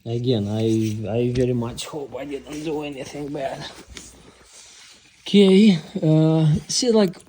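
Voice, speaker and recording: Working on his own car, a slow, mellow-voiced man of medium pitch talks viewers through the repair, captured by a phone close by with slight background noise. The DIY vlogger is chatty, reacts with exclamations to what he discovers, addresses everyone as "guys," and notes his non-native accent.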